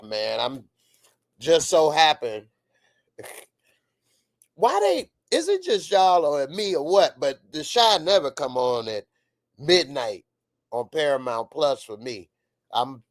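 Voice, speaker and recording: A man giving a casual, excitable reaction to a TV episode as the channel's host, laughing often and sometimes rising to shouts. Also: fairly high pitch, dry recording, clean studio sound. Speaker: TV show reviewer.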